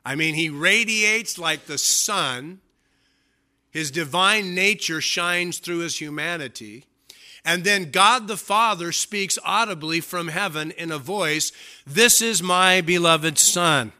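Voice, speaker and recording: Bright-voiced man preaching with animation. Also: slow pace. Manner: animated preaching, acts out quotes with shifting pitch and volume. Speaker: pastor. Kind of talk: sermon.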